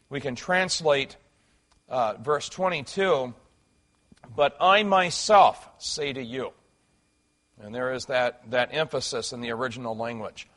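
A middle-aged man preaching a sermon, earnest and emphatic, pausing on fillers and restarts as he explains scripture. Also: mid-range voice, fairly bright tone. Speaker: pastor.

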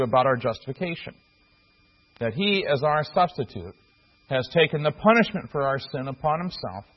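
Husky, slightly high-voiced male preacher, earnest and halting, muffled lo-fi tape. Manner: earnest, halting with fillers and restarts. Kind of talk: sermon. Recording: dull lo-fi recording.

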